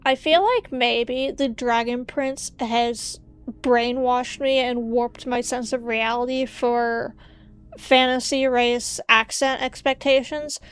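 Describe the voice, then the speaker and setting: Female streamer, unhurried casual chat, smooth clear voice, opinionated and playful. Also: on the high side, fairly even intonation. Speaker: VTuber streamer.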